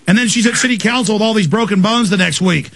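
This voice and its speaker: A man's voice: sits high, quick pace, creaky, fairly bright tone, no room sound. A man hosting talk radio, ranting in a fiery torrent of accusations. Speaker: radio host.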